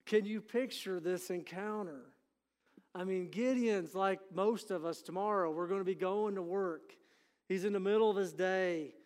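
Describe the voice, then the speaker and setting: A man's voice: high voice, long reverb tail. A middle-aged man preaching a sermon as pastor, folksy and conversational, often asking for an amen. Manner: conversational and folksy, frequent "you know" and "amen". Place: church sanctuary.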